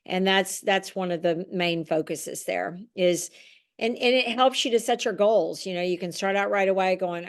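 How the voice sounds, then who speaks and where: A woman's voice: on the low side, fairly even intonation, normal speed, creaky. A woman yoga teacher hosting a webinar on a video call, talking casually with many restarts and fillers. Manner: warm, rambling, with frequent restarts and fillers.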